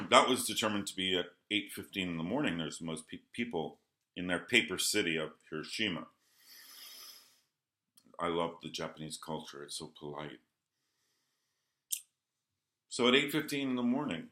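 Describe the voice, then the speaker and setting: A man vlogging a rambling early-morning monologue. He swings between low mutters and heated outbursts, swears, and keeps apologizing. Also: expressive, normal speed, pushed and bright. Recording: roomy echo.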